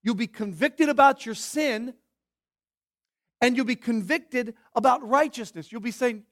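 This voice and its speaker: High-voiced preacher building emphatic points. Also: male voice, measured pace. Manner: emphatic, swinging from shouted stresses to hushed questions; teaching in numbered points. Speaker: pastor. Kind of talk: sermon.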